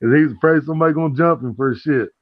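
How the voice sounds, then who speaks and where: A man hosting a casual chat, telling profane stories and acting out the other people's lines in a higher voice. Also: rapid-fire, no room sound. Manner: profane, acts out quoted dialogue in a higher voice. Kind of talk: casual storytelling. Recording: dull lo-fi sound.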